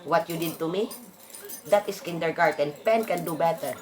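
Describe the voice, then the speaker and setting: A woman's voice: fairly low pitch, moderate pace, a little mellow. A woman in a casual monologue, blunt and emphatic, swearing freely as she rants. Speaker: vlogger.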